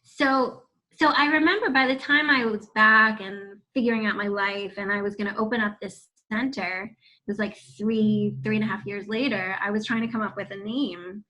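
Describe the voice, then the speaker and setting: A woman's voice: mid-range voice, fairly even intonation, normal speed, pushed and bright, dull audio. A woman in her forties, a guest on a video-call interview, telling her story candidly with casual swearing and laughter. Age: 40s. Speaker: guest, founder of a wellness center.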